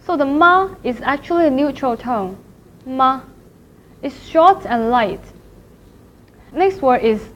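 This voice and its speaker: A woman giving a careful classroom lecture, acting out each tone with an exaggerated rise or fall. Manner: careful, demonstrates tones by exaggerating pitch. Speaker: Chinese language teacher. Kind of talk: slow, clear classroom lecture. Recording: slightly dull lo-fi audio with faint noise.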